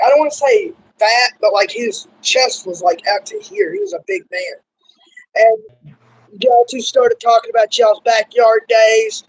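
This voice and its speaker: Poor audio with slight background noise captures a young man's very high voice. He's an interviewer from Kentucky with a Southern accent, hosting a laid-back conversation full of loose rambling, "like," and "y'all."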